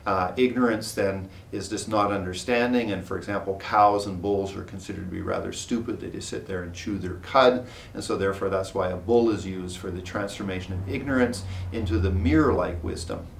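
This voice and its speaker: A man teaching a class, reading a ritual text aloud and explaining it, pausing often with fillers and correcting himself. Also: vocal fry. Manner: halting, many uh fillers and self-corrections. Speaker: Buddhist teacher. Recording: roomy, distant mic with faint rumble.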